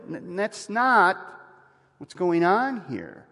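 A man preaching in a church, his voice lifting and falling in lively swings as he acts out the people he quotes. His pitch sits a little above average for a man, and a long church-hall reverb trails each phrase. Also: moderate pace. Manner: animated preaching, voicing quoted speakers. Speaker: pastor. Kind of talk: sermon.

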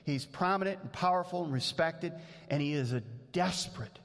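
A man's voice: a little high, moderate pace, fairly bright tone. Male pastor, earnest conversational sermon, long church reverb. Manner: earnest, conversational preaching with many restarts.

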